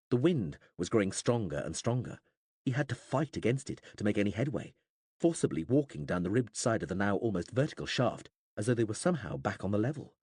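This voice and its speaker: A man narrates an audiobook with a lower-pitched, husky voice that swings widely in pitch as he tells the story. His delivery is dramatic and expressive. The recording is dry and close, with no room sound. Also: dry recording. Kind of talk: scripted narration.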